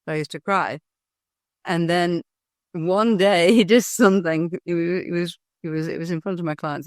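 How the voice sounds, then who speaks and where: Earnest, animated middle-aged woman guest. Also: low-pitched, no echo, clean studio sound. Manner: earnest, animated storytelling with frequent restarts. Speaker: guest, hypnosis and NLP trainer. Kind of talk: candid interview talk.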